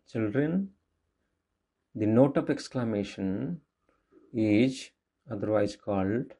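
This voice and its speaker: Indian english guy teaching kids grammar, talks real slow, keeps repeating stuff. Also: lowish voice, warm tone, slightly rough. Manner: slow, repetitive explaining with restarts. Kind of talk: classroom grammar lesson.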